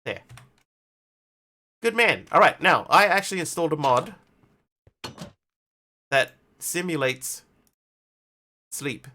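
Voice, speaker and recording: A bright, forceful male voice on a casual game livestream. He swings between relaxed chatter and hammy readings of in-game story text. His tone leaps up for excited asides. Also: on the high side, takes it slowly, long pauses. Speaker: streamer.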